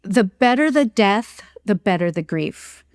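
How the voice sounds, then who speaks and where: A woman's voice: medium pitch, animated, a little slow, no echo, studio quality. A woman speaking as a grief coach guest on a podcast, earnest and emphatic, laughing easily. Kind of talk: podcast interview conversation.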